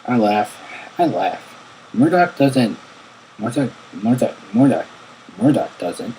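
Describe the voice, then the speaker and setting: A man's voice: mid-range voice, big pitch swings, slow pace, dark tone, slight background noise, low-quality recording. A man reading a fan interview aloud, stumbling and repeating words as he goes. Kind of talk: halting read-aloud narration.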